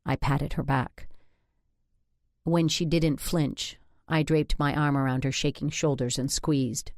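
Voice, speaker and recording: A woman's voice: very deep voice, fairly even intonation, a little slow, a little mellow, dry recording. A woman narrating a first-person audiobook with a wry, dry sense of humor.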